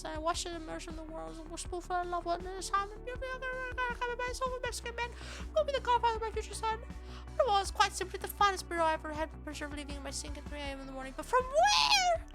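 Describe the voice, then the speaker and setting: A woman putting on the voice of a frantic, burrito-obsessed young man in a dramatic reading, high and strained. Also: expressive, rapid-fire, over music. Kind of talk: dramatic reading of an online post.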